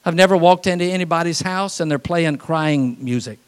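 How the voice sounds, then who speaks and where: A man preaching a sermon as pastor, folksy, with quick asides and acted-out voices. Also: fairly high pitch, clean tone.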